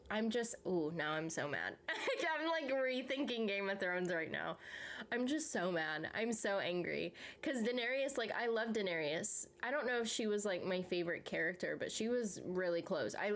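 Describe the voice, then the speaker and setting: A young woman hosting a show, chatting casually about TV series, animated, swearing freely and laughing often. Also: lowish voice. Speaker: show host reacting to viewer comments. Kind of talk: casual chat.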